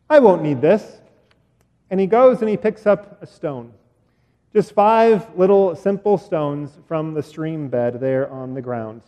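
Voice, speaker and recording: A pastor retelling a story in a sermon, animated and acting out sound effects, with fillers along the way. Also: male voice, sits high, dull audio. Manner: animated, acts out sounds and voices. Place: church. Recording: echoey church hall.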